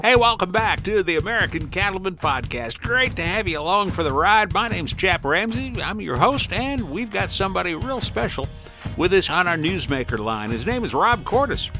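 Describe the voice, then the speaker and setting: A man's voice: high voice, normal speed, music in the background. A man hosting a podcast, chatting in a folksy, upbeat way as he introduces and interviews a guest. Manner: folksy, upbeat, lively intonation. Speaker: podcast host.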